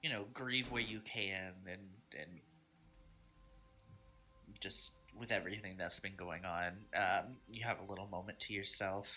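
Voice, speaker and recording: A man running a tabletop game over voice chat, talking slowly and pausing often with ums and uhs. His tone is bright and clear, his pitch middling. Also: steady tone, soft background music. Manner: hesitant, many ums and uhs. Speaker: game master. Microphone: online voice chat.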